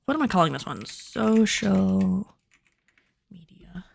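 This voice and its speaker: Chatty woman streamer, lively pitch. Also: slow, creaky. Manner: chatty, self-deprecating, thinking aloud. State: nervous on camera. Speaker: cosplay pattern maker and streamer. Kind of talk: casual livestream chat while filming.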